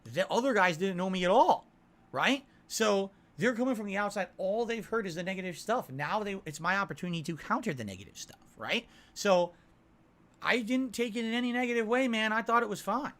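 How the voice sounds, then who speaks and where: Reading messages from his chat, a livestreaming man responds defensively and keeps asking "right?". He speaks briskly in a high-pitched, fairly bright voice with lively intonation.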